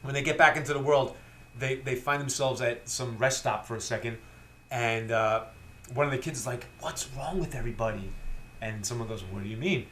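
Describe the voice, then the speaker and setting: Male podcast co-host, mid pitch, lively storyteller, faint room hiss. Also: moderate pace. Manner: animated retelling, acts out quotes in high voices. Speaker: podcast co-host, film critic. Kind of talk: casual film review chat.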